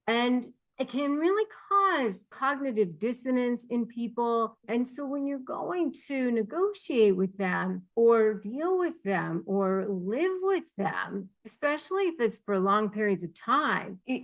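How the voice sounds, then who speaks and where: A woman's voice: fairly high pitch, fairly bright tone. A middle-aged woman giving earnest advice to camera as a coach, explaining behaviors and mimicking phrases people say. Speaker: narcissism negotiation coach.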